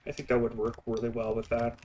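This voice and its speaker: A man's voice: medium pitch, completely flat delivery, fast talker, warm tone. A young man with an Eastern Canadian accent, chatting and rambling while he streams a building game, often laughing. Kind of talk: casual gameplay commentary.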